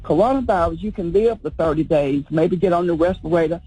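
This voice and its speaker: A woman's voice: lowish voice, brisk, warm tone, husky, soft background music, low-quality recording. A woman, a funeral home owner, speaking earnestly as a guest on a radio show. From Birmingham, Alabama, US. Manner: earnest, explanatory. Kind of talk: radio interview.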